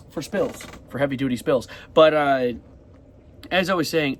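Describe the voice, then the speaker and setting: Fast-rambling young man vlogger. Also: on the high side. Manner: rambling, fast-talking, swears casually. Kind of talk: casual video diary.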